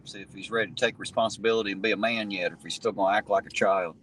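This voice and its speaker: A man's voice: on the low side, fairly even intonation, fast, low-quality recording. A man hosting his channel, chatting casually and mockingly while he drives, swearing and laughing often. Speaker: channel host, auditor. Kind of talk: casual chat while driving. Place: inside a car. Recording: loud road noise in a moving car.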